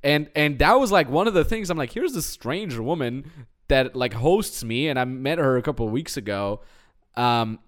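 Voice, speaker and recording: A young man talks on a podcast in a loose, lively way. He tells motivational stories and slips into exaggerated voices when he quotes other people, at a middle pitch. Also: moderate pace. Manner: animated storyteller, jumps into high mocking voices when quoting. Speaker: podcast co-host. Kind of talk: casual motivational chat.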